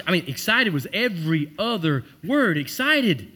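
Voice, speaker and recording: Earnest preaching man, emphatic then hushed. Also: big pitch swings, moderate pace. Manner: earnest, emphatic, drops soft and low for heartfelt quoted words. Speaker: pastor. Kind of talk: sermon.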